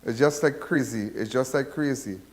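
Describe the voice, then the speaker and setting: A man's voice: mid-range voice, normal speed, big-room sound. A man with a Trinidadian accent hosting a call-in show, talking in a rambling, repetitive, preachy way. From Trinidad and Tobago. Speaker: radio call-in show host. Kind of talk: casual call-in talk.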